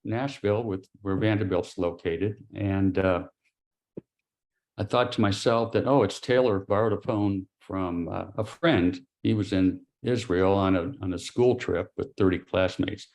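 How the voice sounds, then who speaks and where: A middle-aged man, an interview guest, giving a grave personal account in a halting way, with pauses and restarts. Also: low-pitched. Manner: quiet and grave. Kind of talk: personal testimony.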